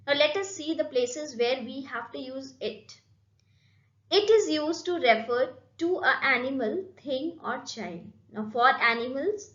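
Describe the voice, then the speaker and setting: A woman's voice: high-pitched, a bit bright. Teacher: woman, Indian English accent, patient and repetitive, roomy and muffled recording. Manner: slow, repetitive, addresses students with "okay?" and "right?". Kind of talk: classroom lesson explanation.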